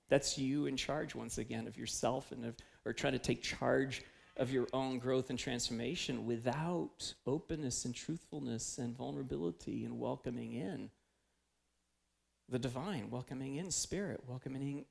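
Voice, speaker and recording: A man's voice: medium pitch, moderate pace, vocal fry, darkish tone. A man preaching a conversational sermon, confessional and storytelling, acting out his own inner voice. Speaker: pastor. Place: church sanctuary.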